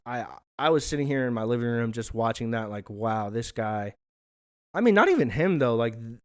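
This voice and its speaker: A young man rambles through a casual solo show at home, loose and profane, laughing at himself as he goes. His voice is smooth and clean, sitting at an ordinary middle pitch. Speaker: podcast host. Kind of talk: casual solo vlog chat. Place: hot living room at home.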